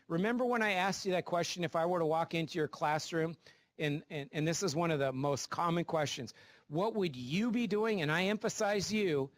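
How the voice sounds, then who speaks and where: A teacher educator in a classroom with students coaches a class of future teachers through interview practice, often checking in with "right?". His voice is a little high, and the recording is dry.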